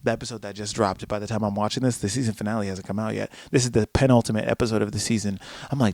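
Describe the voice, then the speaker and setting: A man's voice: on the low side, steady tone, very fast, hardly any pauses, a little mellow, no room sound. A man hosting a solo podcast, ranting animatedly with plenty of swearing and acted-out asides to himself. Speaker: podcast host.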